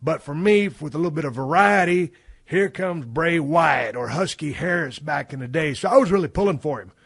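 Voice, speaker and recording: A middle-aged man hosting a podcast, telling stories in a profane, folksy way that swings from low mumbles to loud bursts. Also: expressive, normal speed, creaky, no room sound, studio quality. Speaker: podcast host. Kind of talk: casual storytelling monologue.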